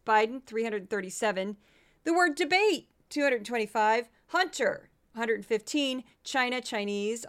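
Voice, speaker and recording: Statistics are the topic as a tired-sounding woman hosts her casual solo podcast, mixing in self-deprecating asides. Her voice is a little high and a bit bright, with a clear, resonant tone.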